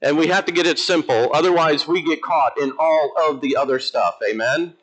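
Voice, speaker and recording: Lively, emphatic male Episcopal priest preaching. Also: fairly high pitch, normal speed, poor audio. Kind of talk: sermon. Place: church.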